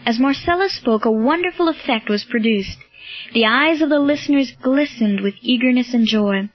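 A woman narrating an audiobook in a steady, clear storytelling manner. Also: on the high side, normal speed. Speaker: audiobook reader. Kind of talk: scripted narration. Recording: dull lo-fi, dry.

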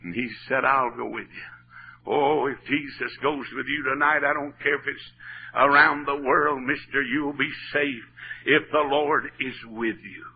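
A man preaching a revival sermon in a church, fervent, dropping to hushed storytelling and rising to shouts. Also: medium pitch, fairly even intonation, unhurried. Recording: tinny narrow-band old recording with faint hiss.

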